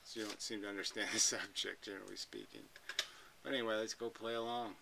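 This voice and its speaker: A man's voice: lowish voice, flat delivery, fast, vocal fry, noisy background. A man hosting a commentary video, ranting in a blunt, combative way and swearing freely. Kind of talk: profane combative rant.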